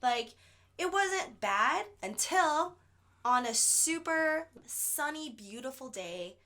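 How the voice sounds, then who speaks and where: A woman co-hosting a podcast, telling a story in animated casual chat with plenty of swearing. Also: high voice, slow. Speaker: podcast co-host.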